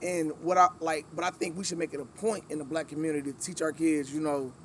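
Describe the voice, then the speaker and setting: A man hosting a podcast in casual conversation, telling animated stories with lots of "you know what I mean". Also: a little high, fast, slight background noise. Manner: animated storyteller, many fillers. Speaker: podcast host.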